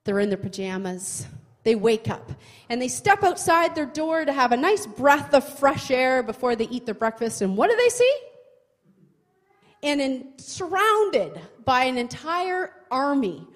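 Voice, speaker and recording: A woman retelling a Bible story in a chatty, expressive way, often asking the listener questions. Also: high-pitched, measured pace. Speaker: Bible teacher. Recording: long hall reverb.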